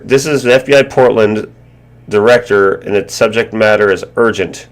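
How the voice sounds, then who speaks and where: A man's voice: on the low side, steady tone, brisk. A man hosting a casual live stream chat, laughing often and acting out phone callers in raised voices. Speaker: stream host.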